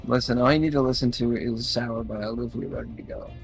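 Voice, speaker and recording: A man chatting with gaming friends, giving dry deadpan replies. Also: mid-range voice, fairly quick, gravelly, husky, soft background music, poor audio. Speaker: gamer friend in voice chat. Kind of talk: casual chat.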